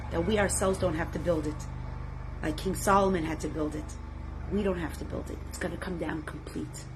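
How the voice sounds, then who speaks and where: A woman's voice: medium pitch, background noise. Impassioned woman teaching a religious class. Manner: emotional, swings from loud exclamations to hushed tones; speaks directly to listeners as "my friends".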